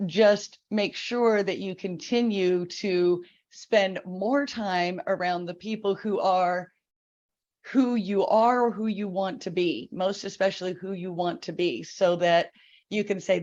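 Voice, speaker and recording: A woman's voice: medium pitch, steady tone, takes it slowly, a little mellow, muffled recording. A woman hosting an interview, enthusiastic and affirming toward her guest. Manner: enthusiastic, affirming, laughs easily. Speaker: podcast host. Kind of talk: interview chat.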